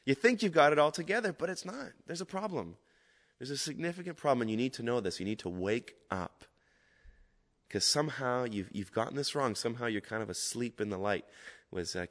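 A man giving an informal guest sermon as a Salvation Army minister, talking casually and rambling at first, then building to loud, fervent emphasis. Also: medium pitch, long reverb tail.

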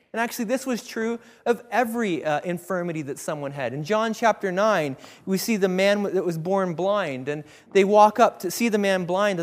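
A man preaching a sermon in an animated way, acting out the voices of biblical figures. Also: sits high. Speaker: pastor. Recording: reverberant hall.

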